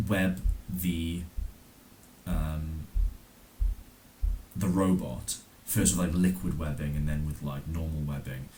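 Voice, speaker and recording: Deep voiced guy chilling on a podcast, recapping a comic, um um like. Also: a little hiss or hum. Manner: relaxed, lots of ums and likes. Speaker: podcast co-host. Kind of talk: casual comic-book recap.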